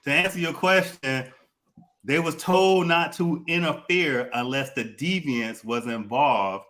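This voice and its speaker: A man hosting a relaxed comic book chat, talking loosely and circling back on his words. His voice is bright and forward. He keeps an easy, conversational pace. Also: on the high side, measured pace. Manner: loose, repeats himself, animated. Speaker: podcast host.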